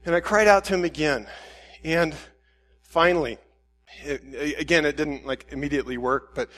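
A man preaching a sermon as a pastor, telling a self-deprecating everyday anecdote in an animated way, with frequent restarts. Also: a little high, normal speed, in a large hall. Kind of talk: storytelling sermon.

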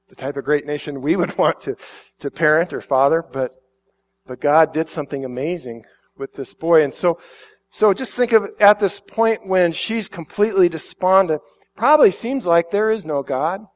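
A man's voice: a little high, normal speed. A middle-aged man preaching a sermon, reading scripture and then talking it through in a loose, conversational way, with restarts and voiced quotes. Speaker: pastor.

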